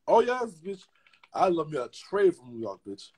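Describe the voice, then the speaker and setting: Man, livestream host, raspy, gravelly, sassy gossip, lively swooping pitch. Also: normal speed. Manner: sassy, profane, chatty.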